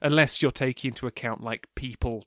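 A man co-hosting a podcast, talking in a casual, animated way with frequent laughs and some swearing. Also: medium pitch, fairly quick, no room sound, clean studio sound. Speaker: podcast co-host. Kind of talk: casual book discussion.

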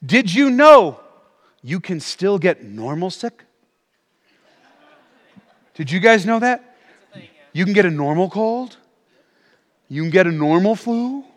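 A man preaching a sermon as pastor, animated and calling for responses from the congregation. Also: high-pitched, big-room sound. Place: church auditorium.

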